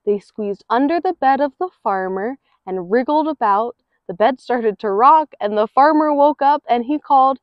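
A woman reading a picture book aloud in an expressive, rhythmic way. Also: a little high, moderate pace, few pauses, no room sound. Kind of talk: read-aloud storytelling. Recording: dull lo-fi recording.

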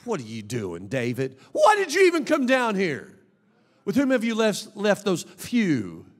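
A preacher voicing a scornful older brother. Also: male voice, high-pitched, wildly swooping pitch, measured pace, voice pushed up, heavily acted. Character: scornful, angry older brother, young man. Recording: long reverb of a large hall.

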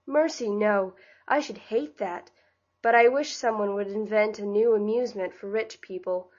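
A woman's voice: mid-range voice, moderate pace, darkish tone, highs cut off, close to an everyday voice. A woman reading as a languid, bored rich young woman. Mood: weary. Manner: languid, weary.

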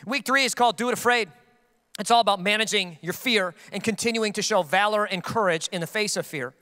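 Pastor, male, casual self-deprecating sermon; smooth clear voice, reverberant church hall. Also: high-pitched, brisk, bright, forceful tone.

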